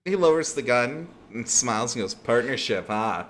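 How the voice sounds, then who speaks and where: A man's voice: medium pitch, expressive, moderate pace, slight background noise. A man narrating as game master in a tabletop game, talking casually with plenty of fillers.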